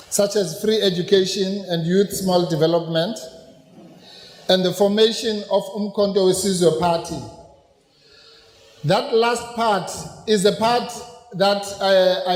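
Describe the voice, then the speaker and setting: A South African man giving a political lecture at a rally, rousing and then deliberate as he explains, slipping into Zulu phrases. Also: sits high. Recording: echoey hall with long reverb.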